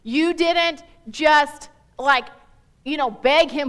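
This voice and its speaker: Animated high bright woman preaching. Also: takes it slowly. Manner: animated, emphatic, chatty with self-interruptions. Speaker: guest speaker. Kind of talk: church Bible teaching.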